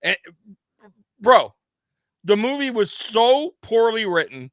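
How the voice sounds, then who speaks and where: A man's voice: high-pitched, sing-song, slow pace, dry recording, studio quality. A man co-hosting a sports podcast, ranting in casual chat with lots of profanity and laughter.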